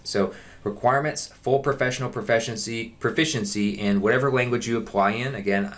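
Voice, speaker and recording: A man giving a casual walkthrough of an online job listing, reading parts aloud and explaining them. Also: fairly low pitch. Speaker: online jobs vlogger. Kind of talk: casual screen-share walkthrough.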